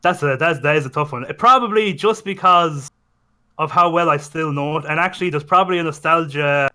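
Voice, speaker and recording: A man's voice: on the high side, fairly quick, pushed and bright. A young man in casual podcast chat, rambling and correcting himself, enthusiastic about games. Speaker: podcast co-host.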